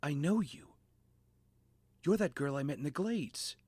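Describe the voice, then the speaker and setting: A man voicing an earnest young male archer hero who speaks plainly and shouts when pushed. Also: a little high, lively intonation, measured pace, husky, no room sound, clean studio sound. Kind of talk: fan audio drama.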